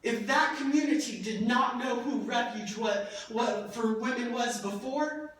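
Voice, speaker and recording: A young adult woman giving a keynote talk, telling her story with passion and animated, laughing asides. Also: fairly high pitch, a little slow. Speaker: keynote speaker. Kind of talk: emotional testimonial speech. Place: large event hall. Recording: echoey hall, voice from far off.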